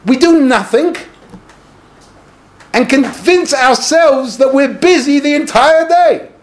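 A man giving a yeshiva-style Torah lecture as a rabbi, animated and sarcastic, peppering his English with Hebrew and Yiddish terms. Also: very high voice, slow pace.

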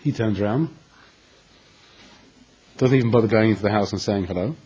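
A man giving a storytelling Torah lecture, animated and acting out the dialogue with dramatic pauses. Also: fairly low pitch, husky, poor audio. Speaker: Torah teacher.

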